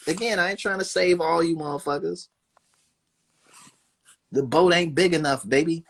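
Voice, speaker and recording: A man's voice: fairly high pitch, normal speed, creaky, pauses often. A man in casual conversation, riffing in a profane, loose way and acting out quoted voices. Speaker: guest in conversation. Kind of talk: casual chat.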